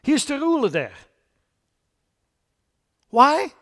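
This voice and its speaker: This preacher has a very high voice with big pitch swings and drawn-out words. His emphatic sermon alternates loud declarations with quiet asides, bluntly scorning foolish ideas.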